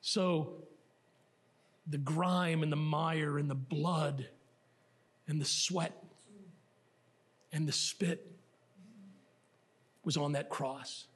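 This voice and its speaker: A man's voice: fairly high pitch, fairly even intonation, very slow, long pauses. A middle-aged male pastor preaching a sermon in a church, in a conversational, self-deprecating way with asides to the congregation. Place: church sanctuary.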